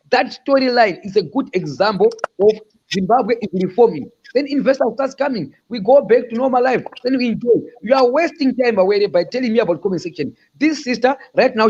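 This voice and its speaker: A man calling in with a raspy voice, ranting in a boisterous way and repeating boastful slogans. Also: high-pitched, darkish tone. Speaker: caller. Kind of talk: impassioned call-in rant. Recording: dull lo-fi call audio.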